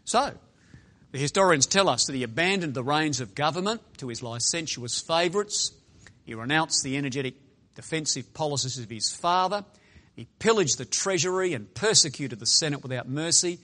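Middle-aged guy preaching to young people, dramatic storyteller, goes loud then hushed, voice a bit high. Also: moderate pace. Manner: animated, big swings from loud exclaiming to hushed asides.

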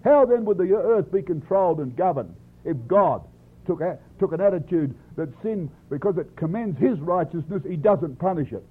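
A man's voice: sits high, lively intonation, normal speed, slightly rough. A man preaching a sermon, expounding scripture in an earnest, emphatic way and often addressing the congregation directly. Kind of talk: sermon, Bible exposition. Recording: tinny phone-like lo-fi recording.

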